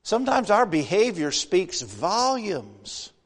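A high-pitched man with a drawl delivers a sermon in a church sanctuary. His talk is folksy and full of questions to the congregation, and it swells into emphatic preaching. A long reverb from the big hall hangs on every phrase. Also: wildly swooping pitch, slow pace. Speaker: guest preacher.

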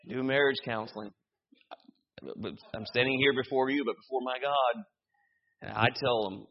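A pastor preaching a sermon, animated, with humor and quick repetitions. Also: male voice, mid-range voice. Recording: dull lo-fi sound.

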